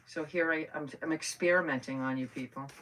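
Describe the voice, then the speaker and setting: A woman's voice: low-pitched, steady tone, brisk, fairly bright tone. A woman chatting casually with her viewers while doing a craft project live, rambling and greeting people by name. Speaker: crafting livestream host. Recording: voice a bit far from the mic, faint noise.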